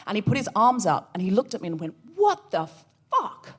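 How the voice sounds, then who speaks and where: A woman co-hosting a comedy podcast, telling a story with animated energy and acting out the voices she quotes. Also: mid-range voice, racing. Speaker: podcast co-host. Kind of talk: comic storytelling before a live audience.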